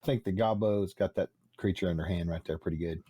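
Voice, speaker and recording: A man's voice: deep voice, fast talker, dark tone, husky. A man playing a tabletop game, easygoing and asking about the rules. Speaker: player. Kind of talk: casual tabletop play.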